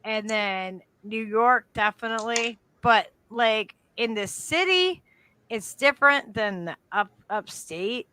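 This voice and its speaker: Female co-host, slightly high, bright tone, easygoing conversational manner. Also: expressive, takes it slowly. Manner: chatty, laughing easily. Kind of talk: casual chat.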